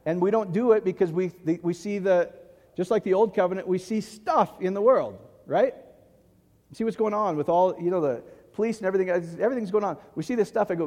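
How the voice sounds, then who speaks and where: A man's voice: high-pitched, fast talker, a little mellow, big-room sound. A man preaching a conversational sermon as pastor, often asking the congregation questions.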